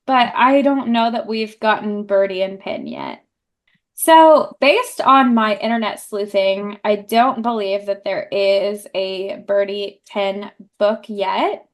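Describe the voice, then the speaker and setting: A young woman co-hosts a casual book podcast, speaking slowly with a medium-pitched voice. She's chatty, uses lots of fillers and laughs easily.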